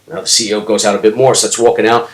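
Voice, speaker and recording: A man telling a motivational story with a dramatic storyteller's delivery that builds toward shouting. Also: on the low side, steady tone, racing, echoey room, rough recording. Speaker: motivational speaker.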